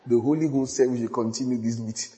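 A middle-aged man preaching a sermon as pastor, telling stories with repetition, sudden loud high outbursts and quiet hushed asides. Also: fairly even intonation, fast talker. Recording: long hall reverb.

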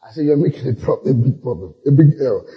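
A man's voice: mid-range voice, expressive, quick pace, slightly rough, highs cut off. A middle-aged man, preaching a sermon through humorous personal stories, laughing often and acting out the voices of people in them. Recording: long echo of a large hall.

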